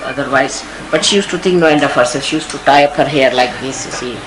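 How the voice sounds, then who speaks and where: A woman's voice: very deep voice, fast, a crowd in the background, poor audio. Indian woman giving a spiritual discourse. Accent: Indian English. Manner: storytelling, acting out quoted people. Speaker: spiritual teacher. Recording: hissy archival 1980s tape recording.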